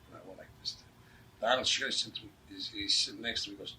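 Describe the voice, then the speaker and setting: A man's voice: fairly low pitch, brisk, sharp tone. An older man with a New York accent telling blunt, streetwise stories in an interview, acting out the dialogue. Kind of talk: anecdotal storytelling. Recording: distant mic with faint background noise.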